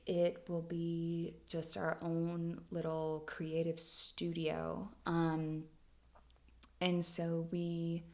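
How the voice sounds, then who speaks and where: A woman's voice: on the low side, vocal fry. A woman hosting a podcast, telling a personal story in a chatty way, with lots of "like" fillers and frequent laughs. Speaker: podcast host. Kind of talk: casual storytelling monologue.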